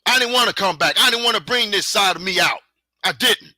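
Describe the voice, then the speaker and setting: On his own podcast, a man delivers an angry solo rant, heated and profane, repeatedly taunting listeners with challenges. His voice is high-pitched, sharp and fairly quick, with no room sound.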